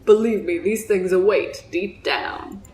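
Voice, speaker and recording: A woman's voice: mid-range voice, darkish tone, natural voice. A woman doing an old drunk sailor, Southern drawl. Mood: solemn, haunted. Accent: Southern US, put on. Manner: slow, solemn storytelling, breaking into giggles. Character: old male drunk sailor, bitter and haunted. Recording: roomy echo.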